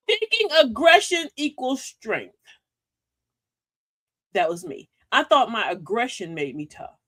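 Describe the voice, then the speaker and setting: A woman's voice: high voice, a bit bright, dry recording. A middle-aged woman hosting a casual livestream talk, folksy and sassy, preaching advice and laughing often. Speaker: livestream host.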